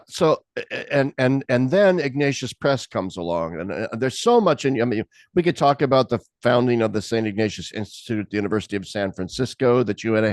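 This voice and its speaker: A man's voice: medium pitch, dry recording, studio quality. A man in his sixties hosting an interview, talking in an earnest, discursive way with frequent restarts. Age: 60s. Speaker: interview host. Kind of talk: conversational interview.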